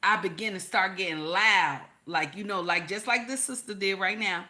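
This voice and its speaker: A middle-aged woman hosts a reaction video, speaking casually but with a preacher's emphasis. She turns to her viewers again and again. Her voice is bright and forceful. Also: medium pitch, moderate pace.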